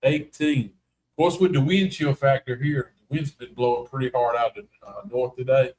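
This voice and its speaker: A man's voice: mid-range voice, moderate pace, a little mellow. Southern man, North Carolina drawl, chatty co-host, folksy and teasing on a live stream. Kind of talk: casual live stream chat.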